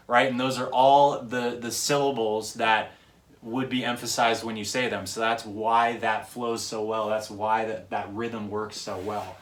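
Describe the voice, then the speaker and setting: Lower-pitched man in casual commentary. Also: steady tone, unhurried, fairly bright tone. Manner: chatty, analytical, frequent "like" and "right?" fillers. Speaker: music reviewer.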